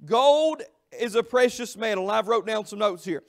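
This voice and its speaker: A middle-aged man preaches in a church. His voice sits very high and carries a gravelly rasp. He tells his stories emphatically, stretching out key phrases. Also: animated. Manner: storytelling, emphatic, drawn-out phrases. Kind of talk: Southern revival sermon. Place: church sanctuary.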